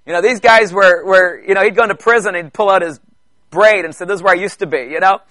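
High, bright-voiced male preacher. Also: dry recording. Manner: chatty, halting restarts, joking asides to the congregation. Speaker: preacher giving testimony. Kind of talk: conversational sermon testimony. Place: church.

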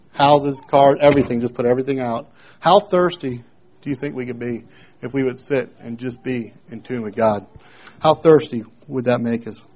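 A man preaching a sermon in a plain, homely way, dropping to quiet questions and rising loud when reading scripture. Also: on the high side, rough recording. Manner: homely, plain-spoken with repeated phrases.

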